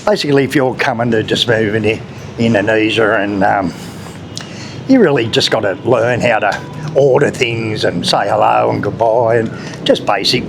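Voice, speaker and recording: A man's voice: lowish voice, moderate pace, creaky, over music. A man with an Australian accent, talking casually and bluntly as he walks city back streets for a travel vlog, swearing now and then. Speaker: travel vlogger. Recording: loud street traffic and motorbikes behind. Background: traffic and motorbikes.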